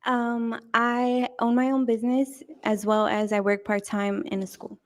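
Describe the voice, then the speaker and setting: Flat-voiced woman in her thirties. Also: on the high side, unhurried. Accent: New York. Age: 30s. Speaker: dating show contestant. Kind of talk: answering interview questions.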